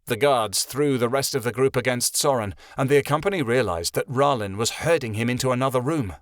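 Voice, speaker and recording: A man narrating a fantasy audiobook in a steady storytelling voice. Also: medium pitch, fairly quick, dry recording, studio quality. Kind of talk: scripted narration.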